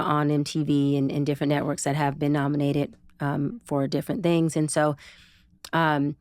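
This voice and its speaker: A woman guest on a podcast, a psychologist and TV producer, telling a personal story in a casual, expressive way with slang. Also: no room sound, studio quality. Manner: expressive, casual and slangy, acts out quotes with big pitch jumps. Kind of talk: animated personal storytelling in an interview.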